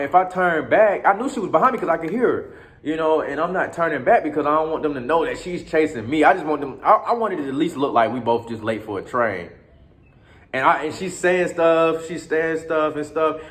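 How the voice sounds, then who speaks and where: A man at a middle pitch telling a story in loose street slang. He curses freely, restarts his sentences and keeps turning to his listener with asides. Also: fairly bright tone. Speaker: storyteller recounting his time abroad. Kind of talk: casual storytelling.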